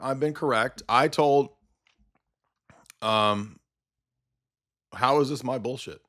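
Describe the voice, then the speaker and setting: A male livestream host rants with a combative, sarcastic edge, firing off quick asides and jabs. His voice is bright and forceful, sitting in a middle pitch for a man. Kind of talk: livestream commentary rant.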